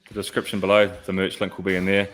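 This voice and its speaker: A man's voice: low-pitched, completely flat delivery, fast talker, a bit bright, soft background music. A man hosting a podcast, talking in a laid-back, blunt way with crude humour. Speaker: podcast host. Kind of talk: casual chat.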